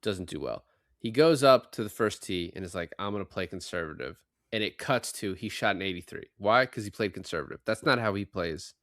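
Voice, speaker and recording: A man hosting a casual movie-review podcast, excitedly recounting scenes and swearing freely. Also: on the low side, a little fast, no echo, clean studio sound. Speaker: podcast host.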